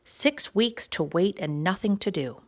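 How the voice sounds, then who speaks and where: A woman reading a children's storybook, voicing a cheerful, bossy female groundhog in a bright, brisk way. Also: fairly low pitch, lively intonation. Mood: chirpy.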